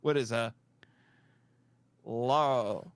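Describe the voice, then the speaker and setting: A man's voice: medium pitch, very slow, dry recording. A man co-hosting a podcast, chatting casually and meandering, laughing easily. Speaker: podcast co-host.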